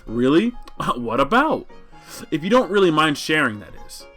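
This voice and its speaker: A man's voice: on the high side, sing-song, normal speed, fairly bright tone, breathy edge, soft background music, full character voice. A man voicing a friendly, curious teenage girl in a casual manner.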